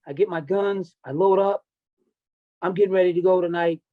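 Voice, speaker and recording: A man's voice: sits high, steady tone, moderate pace, phone-quality sound. A middle-aged man and coach, telling his life story bluntly and emotionally on a podcast, with plenty of swearing. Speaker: podcast guest, wrestling and MMA coach. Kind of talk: candid personal storytelling.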